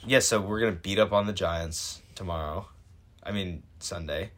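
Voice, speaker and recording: A young man with a deep, low voice, co-hosting a casual sports podcast. He argues his points with confidence and presses the other host for reasons. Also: moderate pace, fairly bright tone. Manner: opinionated, pushy.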